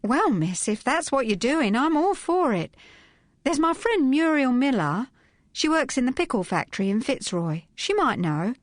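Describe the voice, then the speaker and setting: A prim young housemaid, earnest and respectful, her voice lifted higher than her reader's own, as a woman puts her on. Dry and close, with a fuller, lively lilt. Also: moderate pace, dry recording. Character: young working-class maid, prim and earnest.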